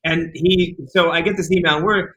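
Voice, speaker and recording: A man's voice: on the high side, moderate pace, dull audio. A man, a film director, telling a story in a casual interview and acting out the quoted lines. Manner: animated, acts out quoted dialogue.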